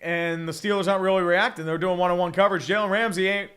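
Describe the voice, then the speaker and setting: A man's voice: sits high, quick pace. A young man calling a football game live, reading viewer messages, cursing and joking sarcastically between plays. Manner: profane, sarcastic, swings from mumbling asides to excited calls. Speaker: streamer doing live play-by-play and reading donations. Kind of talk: casual live play-by-play commentary.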